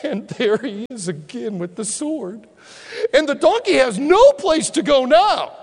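A male preacher giving a sermon as an animated storyteller who acts out the scenes and drops to a hushed tone for appeals. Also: very high voice, measured pace. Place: church hall. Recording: long hall reverb.

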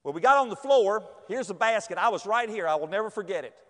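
A high-pitched man tells a personal story with lively, animated delivery. He acts out the voices of other people and bursts into shouts now and then. His voice rings through a large hall with a long reverb. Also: fast talker. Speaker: speaker telling a personal story.

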